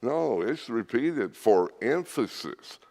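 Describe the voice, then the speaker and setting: A man delivers a sermon with a lively, rising and falling pitch. He speaks slowly and deliberately, stressing his points. His voice rings with the long reverb of a church hall. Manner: earnest, emphatic teaching with scripture readings. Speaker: preacher.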